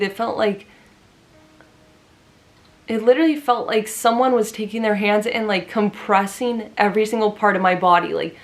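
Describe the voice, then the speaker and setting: A woman vlogger telling a personal story to camera in an earnest, emphatic way, with lots of "like" fillers. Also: medium pitch.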